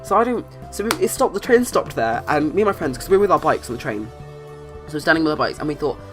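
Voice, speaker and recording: Rambling young storyteller, fast-paced. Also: mid-range voice, sing-song. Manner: rambling, full of restarts and fillers. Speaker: channel host. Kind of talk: casual storytelling voice-over. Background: faint background music.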